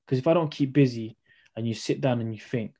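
Young trainer guest, rapid and mellow, casual chat full of slang. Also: male voice, medium pitch. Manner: slangy, storytelling, acts out dialogue. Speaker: podcast guest, personal trainer.

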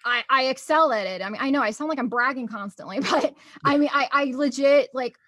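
A woman's voice: high-pitched, fairly quick, fairly bright tone. A young woman telling stories in a casual chat, bubbly and laughing often.

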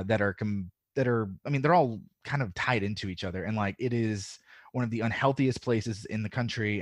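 Low-voiced man with a faint Southern drawl. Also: no echo, studio quality. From Southern United States. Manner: rambling, filler-heavy, swears freely. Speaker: podcast guest. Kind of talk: casual podcast chat.

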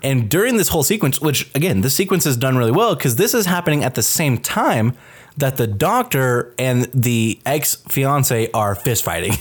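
A man hosting a podcast, retelling a film scene in casual chat, animated and profane. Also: medium pitch, normal speed, slightly rough. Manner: animated, profane storytelling with many fillers. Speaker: podcast host reviewing a film.

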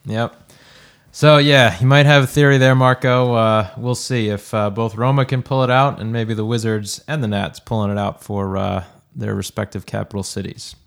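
A man's voice: fairly low pitch, steady tone, normal speed, vocal fry. A man hosting a casual sports podcast, running the segments and reading the rundown in an upbeat way. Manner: upbeat, runs the show and reads the rundown. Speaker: podcast host.

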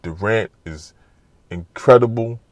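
Animated trash-talking New man. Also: fairly low pitch, takes it slowly, no room sound. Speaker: basketball commentator. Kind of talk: casual sports talk monologue.

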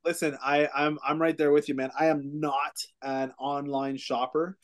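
Rambling storyteller man with a higher voice. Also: flat delivery, normal speed. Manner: rambling self-mocking storyteller, many fillers. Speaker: real estate broker and podcast host. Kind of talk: casual podcast chat.

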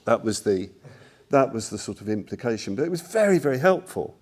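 An older man gives a Buddhist Dharma talk in a mellow, warm voice of middling pitch. He rambles and repeats himself, fills his pauses with "you know", and pokes gentle fun at himself as he goes. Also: sing-song. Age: 60s. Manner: rambling, self-deprecating, many fillers. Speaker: Buddhist teacher.

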